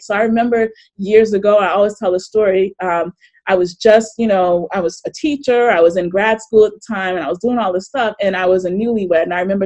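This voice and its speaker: A middle-aged woman hosting a live online workshop over a video call, chatty and animated, often laughing and reading chat comments aloud. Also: medium pitch. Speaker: coach and webinar host.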